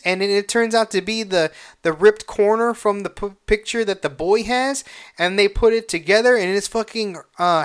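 A man hosting a casual solo podcast, retelling a movie with heavy swearing and halting restarts, emotional and excitable. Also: high voice, clear, resonant tone. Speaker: podcast host.

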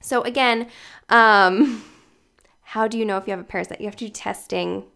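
A woman's voice: mid-range voice, fairly even intonation, moderate pace, vocal fry, fairly bright tone. A woman talking casually as a health coach on a livestream, chatty and full of "like" and "you guys", greeting viewers by name as they join.

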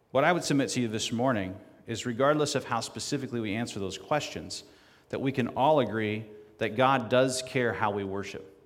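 Male preacher, mid-pitched, sermon and scripture reading, long church reverb. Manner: rising to loud emphatic reading of scripture. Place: church sanctuary.

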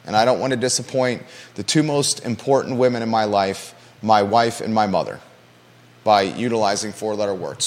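A man's voice: on the low side, moderate pace, big-room sound. A man hosting a live local talk show from a studio, passionate and emphatic, often repeating his key points.

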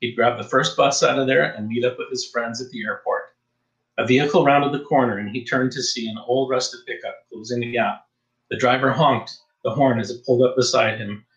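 Male audiobook narrator, steady, mid-pitched, roomy echo. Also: brisk, lo-fi sound. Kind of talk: scripted narration.

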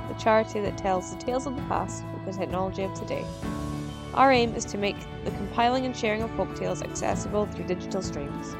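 A woman reading a podcast's closing announcements in a friendly, even way. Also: medium pitch. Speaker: podcast host. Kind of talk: scripted outro. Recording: loud music underneath. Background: music.

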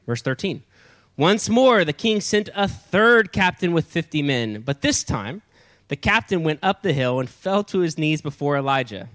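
A man preaching a sermon as pastor, reading scripture aloud in a lively way and acting out the characters' lines. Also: mid-range voice.

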